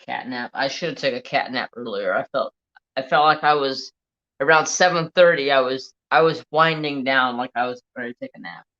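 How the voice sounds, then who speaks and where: Recorded on a handheld phone with the highs cut off, this man's mid-range voice is a little fast and sharp in tone. Hosting a casual crafting livestream, he tells rambling, salty stories and greets viewers in the chat.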